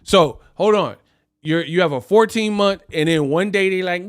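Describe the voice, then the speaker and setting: A man's voice: high voice, moderate pace, clean tone. A man hosting a live stream, ranting animatedly in casual talk and laughing often. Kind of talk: casual reaction rant.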